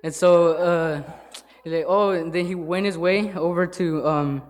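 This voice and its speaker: A man speaking from the pulpit in an informal sermon. He halts often, filling gaps with fillers and starting sentences over. His voice sits slightly high for a man. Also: fairly even intonation. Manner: halting, with many fillers and restarts. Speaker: lay church speaker. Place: church sanctuary.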